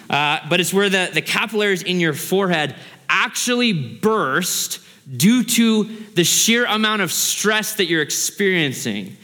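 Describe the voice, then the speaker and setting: A man's voice: a little high, sharp tone, big-room sound. A man preaching a sermon as a pastor, earnest and growing impassioned, asking the congregation rhetorical questions.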